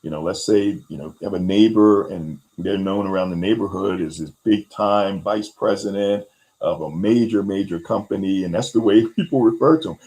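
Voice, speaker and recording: Deep-voiced man explaining with lively asides. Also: moderate pace, low-quality recording. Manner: animated, acts out quoted voices, many fillers. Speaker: host. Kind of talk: explaining resilience skills in a conversation.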